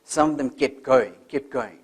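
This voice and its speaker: An older man giving a motivational talk, telling stories in an animated way and acting out voices. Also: mid-range voice, measured pace, breathy edge. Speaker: motivational speaker.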